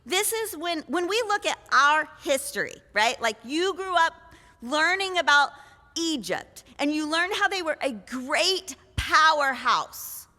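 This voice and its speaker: A woman's voice: high-pitched, lively intonation, a little slow, bright, forceful tone, big-room sound. A woman preacher retelling a scripture story in a conversational sermon, full of rhetorical questions. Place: church.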